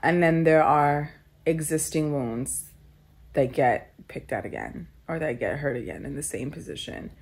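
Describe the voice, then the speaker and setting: Reflective woman, low-pitched voice. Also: lively intonation, measured pace, creaky, a little mellow. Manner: earnest, reflective, many filler likes; tearful laughing when moved. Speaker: interviewee. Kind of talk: candid personal storytelling.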